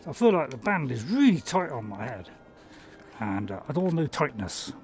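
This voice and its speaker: Gravelly, lively man chatting over gameplay. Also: medium pitch, normal speed, faint music behind. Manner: chatty and playful, rambling with fillers and self-mocking laughs. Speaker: game streamer. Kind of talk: casual gameplay commentary.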